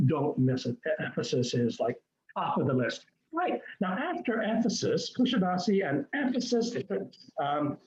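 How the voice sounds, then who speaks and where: A man's voice: fairly high pitch, darkish tone, highs cut off. A man hosting a group cruise webinar, chatty and enthusiastic, rambling with many restarts. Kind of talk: casual webinar presentation. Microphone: computer mic on a video call.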